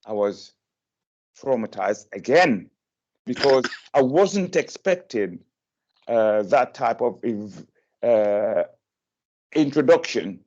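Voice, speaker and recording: A man telling his own story to an online meeting, hesitant and emotional, with many pauses and fillers. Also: mid-range voice, muffled recording. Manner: slow and hesitant, many uhs, emotional and animated when quoting. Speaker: guest speaker sharing his experience.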